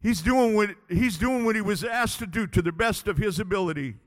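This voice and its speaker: A man preaching a sermon as pastor, impassioned, swinging between loud declarations and hushed pleading. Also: high voice, a little fast, big-room sound.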